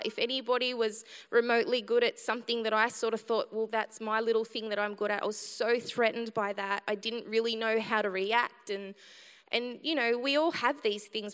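High, bright-voiced woman preaching. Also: fairly even intonation, brisk, clear, resonant tone. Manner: chatty, humorous, passionate with sudden loud outbursts. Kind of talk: sermon. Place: church hall. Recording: reverberant church hall.

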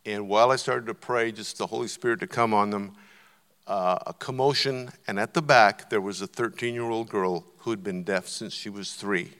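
A man preaching a sermon, telling stories and building to loud, emphatic points. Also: lowish voice, steady tone, moderate pace. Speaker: visiting preacher. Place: church auditorium. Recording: long church hall reverb.

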